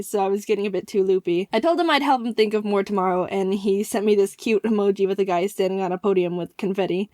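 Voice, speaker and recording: Excitable woman telling a story. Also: mid-range voice, no echo, studio quality. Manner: excitable, playful, quick jokes and laughs. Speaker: animator and storyteller. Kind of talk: animated storytime narration.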